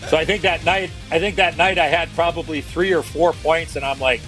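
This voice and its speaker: Relaxed middle-aged male guest. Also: a little high, a little fast, faint music behind. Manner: relaxed storyteller, laughs easily. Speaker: guest, former baseball player. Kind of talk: casual interview talk.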